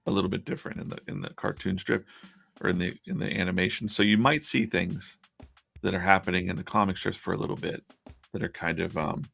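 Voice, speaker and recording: A man's voice: deep voice, fast, creaky, fairly bright tone, slightly rough, soft background music. A man hosting a casual live stream as a comic artist, chatting in a rambling way with many restarts.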